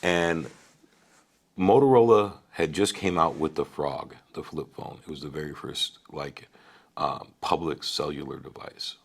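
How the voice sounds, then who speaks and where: A Wisconsin man in his forties tells his life story as a podcast guest, casual, animated and profane, often tossing in "right?". His voice is a rumbling low, unhurried and gravelly, with a breathy edge.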